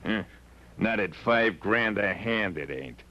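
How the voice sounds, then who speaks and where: An actor playing a gruff, curt nightclub owner and card gambler, in 1940s radio acting. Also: male voice, lowish voice, lively intonation, unhurried, sharp tone. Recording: dull vintage radio recording.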